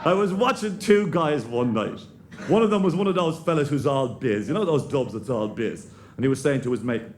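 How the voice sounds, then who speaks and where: High-voiced Irish comedian doing banter. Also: male voice, expressive, brisk, darkish tone, a little hiss or hum. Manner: acts out a bickering two-man dialogue in character voices. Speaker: stand-up comedian. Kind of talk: live stand-up joke telling. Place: live comedy stage.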